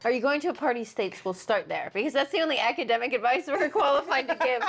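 Deadpan young woman podcast co-host. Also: sits high, fast. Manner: dry, deadpan jokes. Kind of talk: casual chat.

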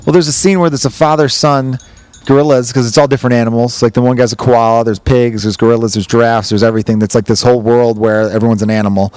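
Fast-talking man telling a story. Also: mid-range voice, steady tone, a little mellow, no echo. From Chicago. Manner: profane, rambling, acts out scenes. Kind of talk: casual chat, animated storytelling.

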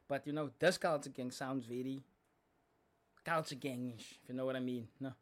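A man's voice: mid-range voice, fairly even intonation, normal speed, very noisy. A young South African man hosting a reaction video, chatting casually and explaining lyrics as he goes. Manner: chatty, explaining lyrics, code-switching slang.

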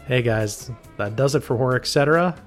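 A man's voice: medium pitch, moderate pace, faint music behind. A man co-hosting a horror podcast who teases his co-host, swears freely and laughs often. He grew up in Pennsylvania. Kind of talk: casual banter.

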